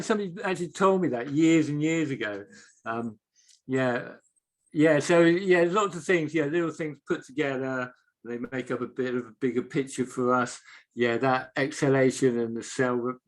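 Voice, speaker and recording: A man in a live online chat leads a breathing exercise in a calm, unhurried voice. His voice is mid-pitched and his instructions come step by step. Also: low-quality recording. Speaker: qigong teacher.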